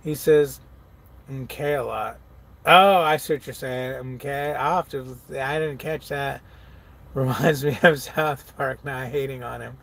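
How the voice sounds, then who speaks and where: A man's voice: mid-range voice, a little slow, creaky, a bit bright. A truck-driving man in casual live-stream chat, laid-back, laughing often and reading viewer comments aloud. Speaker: truck driver vlogger.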